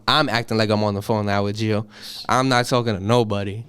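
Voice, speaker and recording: An eighteen-year-old man excitedly telling a profane story, acting out the voices of the people in it. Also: on the low side, a little fast, clean tone, dry recording, clean studio sound. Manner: animated, profane, acts out voices in his story. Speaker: podcast guest. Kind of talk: casual storytelling.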